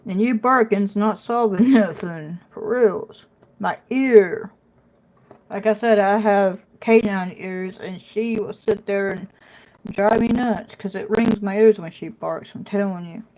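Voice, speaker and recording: A chatty woman talks casually to viewers over a phone livestream from her home. She keeps breaking off to scold her dog, then goes back to chatting with the viewers. Her pitch sits in a middle range. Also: unhurried, a little mellow. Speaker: puzzle live streamer.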